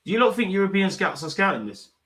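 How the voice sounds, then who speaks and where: A young man hosting a live football watch-along, talking in slang, animated and prone to bursts of excitement. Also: high-pitched, fast.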